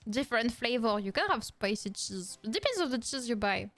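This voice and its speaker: A young woman with a strong French accent chats on stream in a bright, high register, with faint music behind her. She is playful and mock-indignant, laughs easily and drops in French words. Her English is her second language and comes out in loose, charming phrasing. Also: very animated, fairly quick, no echo. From France. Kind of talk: casual react-stream chat.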